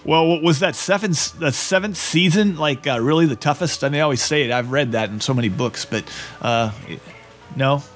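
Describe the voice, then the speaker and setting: A man hosting a comedy radio talk show, asking jokey, halting questions. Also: medium pitch, soft background music.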